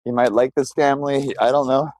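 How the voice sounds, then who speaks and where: A man's voice: mid-range voice, steady tone, fast talker, a little mellow, poor audio. A man live-streaming from his phone while walking outdoors, chatting loosely with his viewers in a rambling, scattered way. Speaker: livestreamer. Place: outdoors, walking through a neighborhood.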